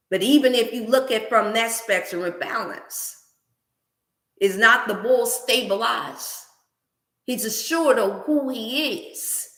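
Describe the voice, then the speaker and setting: Her voice high-ish and bright, a woman hosting a wellness channel delivers an animated, scripture-filled sermon on motivation and healthy food, recorded in an echoey room.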